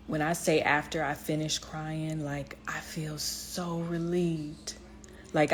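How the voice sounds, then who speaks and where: A woman giving a heartfelt motivational vlog talk, speaking straight to her viewers with many fillers and restarts. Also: deep voice. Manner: speaks directly to viewers, encouraging.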